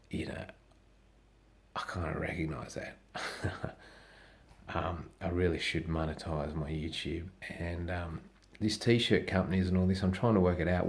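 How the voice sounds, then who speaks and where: Middle-aged aussie bloke ranting, swears every other word, really low gravelly voice. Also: male voice, a little mellow. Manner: swears constantly, rambling and blunt. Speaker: comedian vlogger. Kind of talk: profane casual rant.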